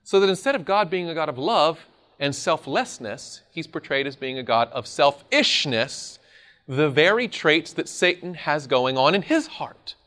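Animated male preacher. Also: fairly high pitch, a little slow. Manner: animated, conversational, laughs often. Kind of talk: sermon.

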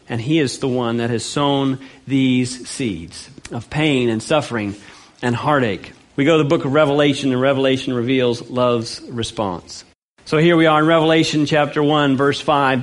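A man from California preaching a sermon, emphatic and full of rhetorical questions, swinging from low earnest lines to loud ones. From California, USA. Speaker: pastor.

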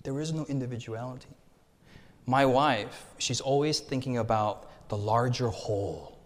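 A man's voice: medium pitch, normal speed. American man preaching in a reverberant hall. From United States. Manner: animated, call-and-response preaching with rhetorical contrasts. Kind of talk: sermon. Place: church hall.

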